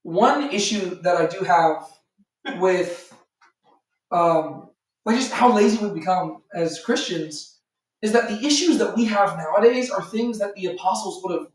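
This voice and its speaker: A man's voice: high voice, measured pace. A man teaching a Bible study in a loose, rambling way, full of fillers, who acts out imagined voices. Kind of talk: informal Bible teaching to a small group. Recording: echoey room, far from the mic.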